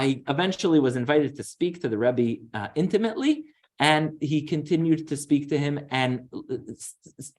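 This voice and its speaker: A man, a rabbi, giving a synagogue lecture, talking earnestly with many fillers and restarts and dropping low and quiet for the stories he tells.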